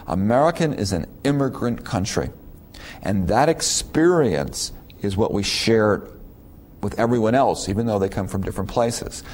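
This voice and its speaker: A middle-aged man with a low voice lectures students in a loose, conversational way. He keeps firing rhetorical questions and often repeats words as he goes. A faint noise sits behind him. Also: darkish tone. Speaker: university lecturer.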